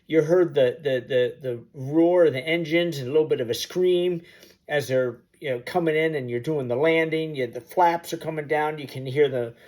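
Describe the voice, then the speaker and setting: A man's voice: fairly high pitch, normal speed, darkish tone. A man telling a personal story to the camera in a vivid, sound-effect-filled storytelling manner, aiming to inspire. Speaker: motivational storyteller. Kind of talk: personal anecdote told to camera.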